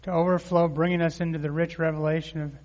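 A pastor with a fairly high-pitched voice preaches fast, reading scripture and having the crowd repeat words back to him. His delivery is lively, full of call-and-response, and the recording carries a muffled hall reverb.

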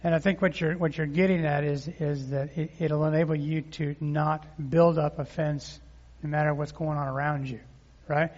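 A pastor with a slightly high voice preaches a sermon at normal speed with few pauses, and the recording has muffled hall reverb. He reads scripture and livens things up with call-and-response, asking the crowd to repeat words back to him.

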